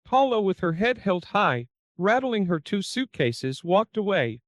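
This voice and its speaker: Male narrator, high and lively pitch, dry close sound, steady scripted story reading. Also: a little slow, few pauses, no echo.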